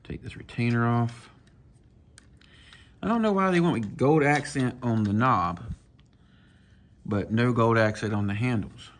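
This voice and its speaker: A man, casually talking viewers through swapping a reel handle, folksy and relaxed as he works. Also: mid-range voice, unhurried, pauses often, a little hiss or hum. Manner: relaxed, talks to himself while working, folksy. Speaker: fishing channel host. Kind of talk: casual hands-on tutorial.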